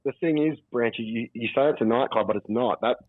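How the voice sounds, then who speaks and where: A man's voice: mid-range voice, a little fast. An Australian man calling in to a podcast from a holiday abroad, chatting laid-back and swearing often. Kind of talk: casual podcast chat. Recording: dull lo-fi call line.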